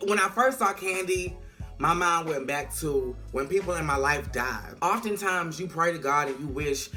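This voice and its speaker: An animated vlogger retells a TV episode in a bright, sharp voice, peppered with slang and cursing. Soft music plays faintly in the background. The delivery is loose, chatty and full of attitude. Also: medium pitch, moderate pace. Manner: animated, profane, slang-heavy storytelling. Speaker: TV recap vlogger. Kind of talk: casual TV episode recap.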